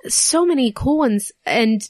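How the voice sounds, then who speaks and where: A woman's voice: fairly high pitch, expressive, unhurried, no room sound, clean studio sound. A young woman tattoo artist chatting as a podcast guest, talking in a sentimental way with frequent laughs. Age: young adult. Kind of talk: casual interview chat.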